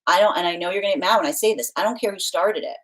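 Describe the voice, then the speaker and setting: This woman talks rapid-fire in a mid-range voice while hosting a casual tarot reading livestream, reading viewer comments and laughing frequently. At times she's playfully stern and motherly, and the recording is low quality.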